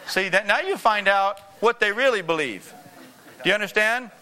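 A man's voice: high voice, lively intonation, normal speed, bright, forceful tone. A man preaching a sermon with emphatic repetition, often asking the congregation to answer back.

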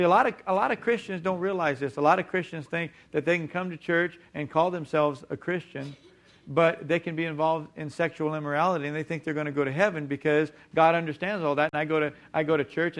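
A middle-aged man delivers a sermon from the pulpit. His voice sits a little high for a man. He leans hard on key words and slows right down to drive each point home. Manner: emphatic preaching, slowing down on key words. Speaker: preacher.

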